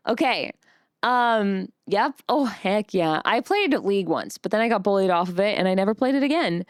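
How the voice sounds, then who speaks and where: A woman's voice: mid-range voice, animated, moderate pace, smooth, dry recording, studio quality. A woman streaming live, chatting casually and bubbly, greeting her chat by name with a giggly manner. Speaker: vtuber streamer.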